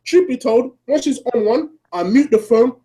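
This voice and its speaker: A man's voice: very high voice, normal speed, dark tone. A young man arguing his side of a football debate in an earnest way, often breaking in with "listen". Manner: earnest, interjects with "listen", laughs easily. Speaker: co-host.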